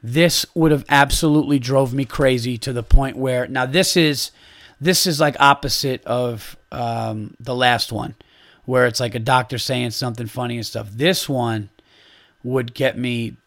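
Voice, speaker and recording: A man's voice: medium pitch, a little slow. A man hosting his own podcast, ranting in a heated, casual way and swearing freely. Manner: animated, heated ranting with profanity. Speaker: podcast host. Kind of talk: casual solo podcast rant.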